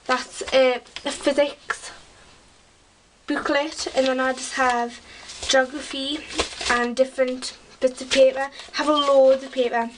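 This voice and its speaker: A high, youthful voice from a teenage girl, chatting casually to camera. She rambles, piling up fillers and half-finished thoughts. A faint hiss sits under the home recording. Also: little pitch movement, unhurried, far from the mic. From England. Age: teens. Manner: chatty and rambling, full of "like" and "sort of". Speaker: vlogger. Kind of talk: casual chat.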